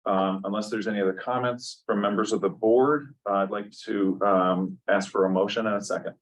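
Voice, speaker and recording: A man chairing a public appeals board meeting, speaking in a measured way with many pauses. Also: lowish voice, fairly even intonation, far from the mic, low-quality recording.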